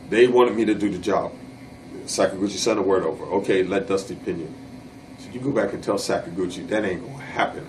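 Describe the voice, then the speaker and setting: A man's voice: fairly low pitch, recorded from a distance, a little hiss or hum, low-quality recording. Blunt man telling stories, mic set back. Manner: blunt and plain-spoken, slipping into dialect grammar. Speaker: interviewee, former pro wrestler. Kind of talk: casual storytelling in a shoot interview.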